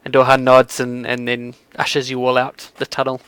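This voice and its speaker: A man's voice: medium pitch, completely flat delivery, moderate pace, fairly bright tone, clean tone, no room sound. A man narrating a tabletop game as game master, rambling with lots of fillers.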